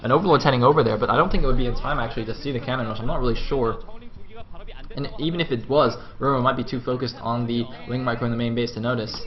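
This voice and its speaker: A man giving live play-by-play commentary on a strategy game match, excitable and jumping up in pitch whenever the action heats up. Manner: excitable, voice jumps high at action. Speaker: esports commentator. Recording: dull lo-fi stream audio.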